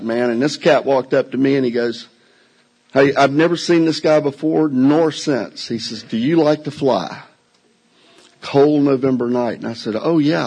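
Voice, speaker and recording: Older guy telling a wild tale to a crowd, husky voice, folksy and joking at himself. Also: medium pitch, a little mellow, low-quality recording. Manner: folksy, drawling, self-mocking humor. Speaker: storyteller. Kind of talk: live stage storytelling. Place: indoor venue before a live audience.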